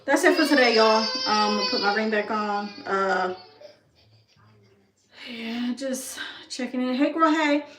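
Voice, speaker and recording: Young mom vlogger, slightly high voice, rambling casual chat full of ums. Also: female voice, measured pace, heavy background noise. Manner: chatty, laughs often, trails off with "um"; talks aside to her toddler in between. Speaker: beauty vlogger and mother.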